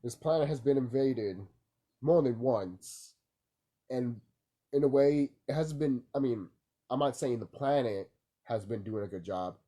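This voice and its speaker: A man's voice: medium pitch, measured pace, mellow. A young man vlogging from home in the early morning, sleepy and rambling, swearing casually and leaning on fillers. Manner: loose, rambling, lots of fillers and profanity.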